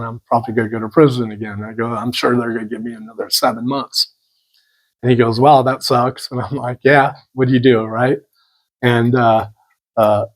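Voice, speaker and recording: A man of ordinary pitch tells a long personal story in a loose, conversational way. He rambles, restarts and retells each exchange with "I'm like" and "he goes." He speaks as a local candidate addressing his supporters. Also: poor audio. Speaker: political candidate.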